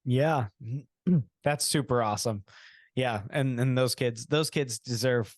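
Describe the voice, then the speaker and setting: Relaxed male podcast host, dry sound. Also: mid-range voice, slow, no echo. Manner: relaxed, agreeable, says "super awesome". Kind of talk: casual interview questions.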